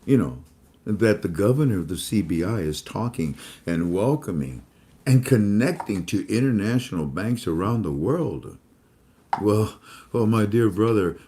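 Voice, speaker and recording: Man, host, casual commentary, lowish voice, rambling with lots of fillers. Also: mellow. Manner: rambling, repetitive, many fillers.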